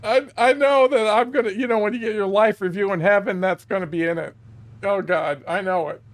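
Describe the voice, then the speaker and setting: A man's voice: high-pitched, steady tone, brisk. A gaming streamer, a man, tells a rambling, profane anecdote and laughs all through it, with lots of exclamations. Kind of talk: casual storytelling while gaming.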